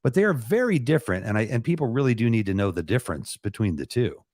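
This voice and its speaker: A man's voice: medium pitch, big pitch swings, fast, a little mellow, no echo, studio quality. A man talking in a joking, rambling way as co-host of an online talk show. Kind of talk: casual chat.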